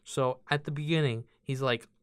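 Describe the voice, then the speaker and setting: A man's voice: medium pitch, fairly even intonation, normal speed, smooth, no room sound, clean studio sound. A man co-hosting a podcast, rambling through a casual movie review and acting out quotes from scenes. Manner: rambling, restarts often, acts out quotes. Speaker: podcast co-host.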